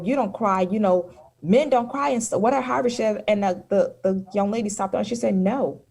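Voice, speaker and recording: A woman's voice: on the low side, darkish tone. Woman speaker explaining with stories. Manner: storytelling, reassuring, explanatory. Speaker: mental health guest speaker. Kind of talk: casual discussion.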